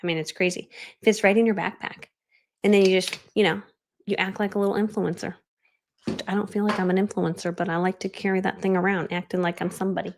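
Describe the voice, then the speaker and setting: A woman's voice: mid-range voice, level tone, fast, noisy background. A woman coaching viewers through a casual live stream, bubbly and chatty, laughing often and dropping into whispered asides. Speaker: online business coach.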